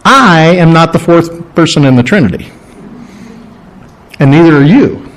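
A man's voice: fairly high pitch, expressive, a little slow, rough recording. A middle-aged man preaching a sermon in a conversational way, stopping to ask his congregation questions. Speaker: pastor.

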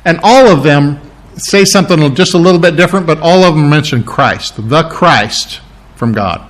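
A man's voice: on the high side, animated, normal speed. A man, preaching a conversational sermon, often restarting and correcting himself. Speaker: pastor.

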